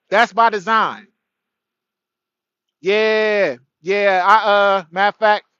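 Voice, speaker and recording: Bright, high-voiced man on a phone livestream. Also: no room sound. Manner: warm greetings to viewers, loose rambling delivery. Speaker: livestream host. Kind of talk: casual spiritual livestream chat. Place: indoors at night. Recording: dry, dull lo-fi phone audio.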